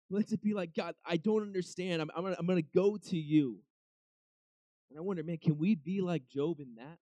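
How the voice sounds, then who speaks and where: A man's voice: on the high side, darkish tone, dry recording. A young man giving a casual devotional talk, conversational, often acting out what people might say to God. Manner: conversational, acts out quoted voices, many restarts. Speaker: preacher.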